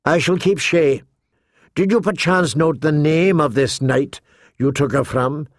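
A man's voice: a little high, a little slow, no room sound, lightly acted. A man doing a sardonic, barking dwarf lord. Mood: wry. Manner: dry, barking, impatient. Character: sardonic dwarf lord, sharp-tongued and commanding.

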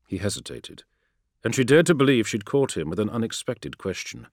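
A man narrating a dark science-fiction story in an expressive, dramatic reading style. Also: lowish voice, a little fast, no echo, studio quality. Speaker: audiobook narrator. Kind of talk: scripted narration.

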